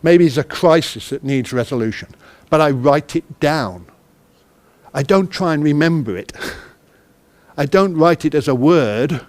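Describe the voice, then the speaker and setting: High-voiced man running an interactive workshop. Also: animated, measured pace. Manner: quizzes the audience and acts out little dialogues. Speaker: conference speaker, project manager.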